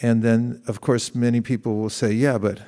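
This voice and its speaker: A man's voice: mid-range voice, little pitch movement, moderate pace, warm tone. A middle-aged man giving a conversational sermon, asking the audience questions and acting out quoted exchanges. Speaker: spiritual teacher.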